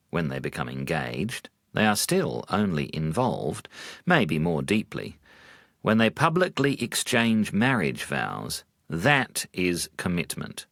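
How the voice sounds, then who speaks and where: Deep-voiced monk with dry humor. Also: male voice, gravelly, a bit bright, dry recording. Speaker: Buddhist monk. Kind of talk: storytelling talk.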